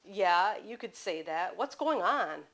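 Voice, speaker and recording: A woman's voice: mid-range voice, expressive, takes it slowly, a bit bright. A woman reading aloud voices a tall young man caught off guard and flustered. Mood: confused. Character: lanky young man, startled and panicky.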